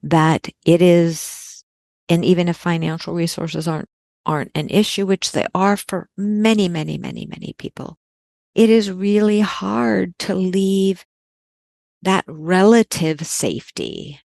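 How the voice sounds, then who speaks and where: A woman with a low, slightly gravelly voice talks earnestly in a podcast conversation. She stresses the important words by repeating them. The sound is close and dry, with no room around it. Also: steady tone, a little slow, darkish tone, no room sound.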